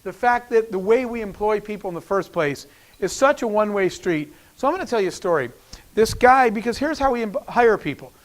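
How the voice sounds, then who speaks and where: A man's voice: high-pitched, expressive, a little fast. A middle-aged man giving a storytelling business talk, acting out the dialogue he quotes. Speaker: keynote speaker.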